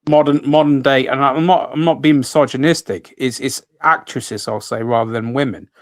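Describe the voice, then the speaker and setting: A man's voice: mid-range voice, moderate pace, no room sound. A man hosting a casual radio chat, rambling with many restarts and fillers. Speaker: host.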